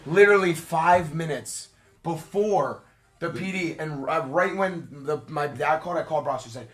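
A young man hosting a live card break stream, shouting excitedly at big pulls. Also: fairly high pitch, moderate pace, roomy sound.

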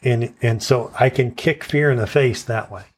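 A man's voice: mid-range voice, moderate pace. A man preaching a sermon in an earnest teaching tone, often checking in with his listeners. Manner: stresses verse words in turn as he recites.

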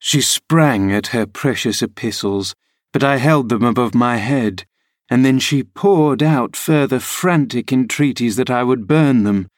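A man reads a classic novel aloud at a measured, steady pace in a mid-range voice. The close studio mic gives a dry sound with no room around it. The narration is calm and even. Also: medium pitch, no room sound. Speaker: audiobook reader. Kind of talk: scripted narration.

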